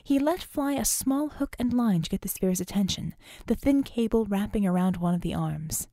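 A woman narrating an adventure audiobook in a mellow, relaxed tone. Her reading is even and clear, recorded close and dry with no room sound. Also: mid-range voice, moderate pace, dry recording. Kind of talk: scripted narration.

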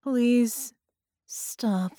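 A woman voicing an exhausted captive woman who speaks in a tired, monotonous whisper. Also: on the high side, very slow, no room sound, clean studio sound, pitched above the performer's own voice. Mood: lifeless. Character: exhausted captive woman, flat then fierce.

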